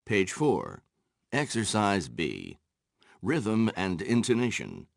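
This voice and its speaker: A man narrating textbook exercises in a slow, instructional way, with a gravelly voice. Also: fairly low pitch, huge pitch swings, no echo, studio quality. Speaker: course narrator.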